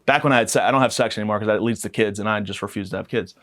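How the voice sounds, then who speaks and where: A man in his twenties hosting a podcast, delivering a rambling, crude comedic monologue with a self-mocking deadpan. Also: fairly low pitch, rapid-fire. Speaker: podcast host.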